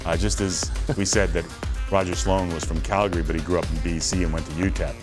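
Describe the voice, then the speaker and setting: A man hosting a sports show, calling golf highlights with jokey asides. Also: fairly even intonation, fast. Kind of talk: casual highlights commentary with banter. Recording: music bed under the voice.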